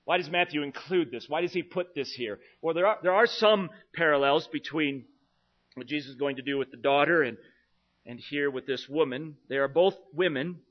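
An earnest male preacher working through a text verse by verse, his fairly high voice pushing up for emphasis and then sinking low and quiet. The recording is dull and lo-fi. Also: moderate pace. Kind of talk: expository sermon. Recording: dull lo-fi sound.

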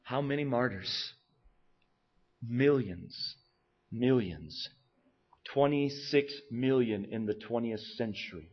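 A man preaching a sermon with animated delivery and rhetorical questions, moving between loud emphasis and hushed, intense lines. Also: mid-range voice, takes it slowly, pauses often. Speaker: pastor. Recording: dull lo-fi recording.

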